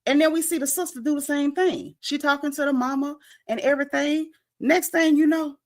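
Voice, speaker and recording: A fairly high-voiced woman chats through a reality show recap like she's catching up with friends. She leaps into big dramatic highs when she acts out the cast, then drops low and wry to comment, and stops now and then to greet viewers in the chat. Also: normal speed. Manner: animated storytelling, acts out quotes with big pitch swings; reads chat comments aloud. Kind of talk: casual livestream recap chat.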